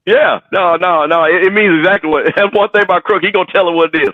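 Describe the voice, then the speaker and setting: Casting note: lively teasing male sports host, high voice, thin phone-line sound. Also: fast talker, no room sound. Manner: lively, teasing, laughs while talking. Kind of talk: casual sports talk. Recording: phone-like call-in audio.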